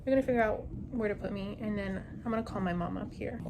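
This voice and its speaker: A woman's voice: mid-range voice, fast, few pauses, background noise. A heavily pregnant young woman talking bluntly to her phone camera, swearing and speaking through tears and labor pain. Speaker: vlogger. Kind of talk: casual video diary. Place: at home, then a hospital.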